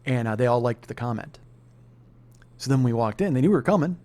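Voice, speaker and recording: A man's voice: medium pitch, lively intonation, a little fast, mellow. A man hosting a podcast, telling a comedic story in a profane, heated rant. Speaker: podcast host.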